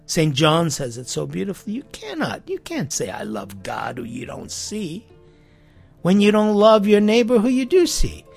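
A man preaching a sermon in a lively, conversational way, with asides and quick questions to his listeners. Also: sits high, creaky, faint music behind.

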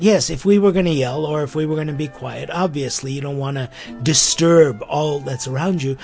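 A man's voice: on the high side, darkish tone. A man hosting a podcast, reflecting earnestly on faith and spirituality in a musing way, often restarting his sentences. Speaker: podcast host.

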